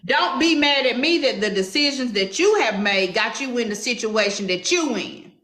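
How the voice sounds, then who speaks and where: A woman's voice: fairly high pitch, lively intonation, moderate pace, fairly bright tone, reverberant. A woman with a Southern drawl, hosting a heated commentary chat in a sassy, confrontational way. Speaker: commentary show host.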